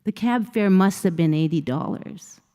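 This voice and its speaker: A woman's voice: medium pitch, normal speed, warm tone. A woman motivational speaker telling a personal story on stage at a conference, acting out the dialogue in shifting voices. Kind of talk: storytelling keynote speech. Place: conference stage in a large hall. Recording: long hall reverb.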